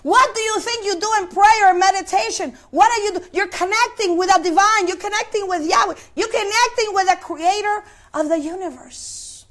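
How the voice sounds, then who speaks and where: A woman's voice: very high-pitched, moderate pace, hardly any pauses, a bit bright. A woman preaching a sermon, asking the congregation questions and repeating words as she searches for the next phrase. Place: place of worship.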